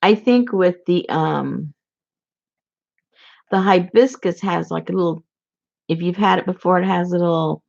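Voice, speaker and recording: A woman's voice: fairly low pitch, measured pace, vocal fry, pauses often, a little mellow, highs cut off. A woman chatting casually in a vlog, giggly and rambling as she shows off handmade gifts. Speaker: crafter showing handmade gifts.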